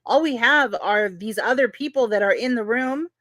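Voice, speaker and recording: A woman's voice: on the high side, normal speed, fairly bright tone, dry recording. Female livestream host, casual agreeable chat, dry close recording. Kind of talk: livestream discussion.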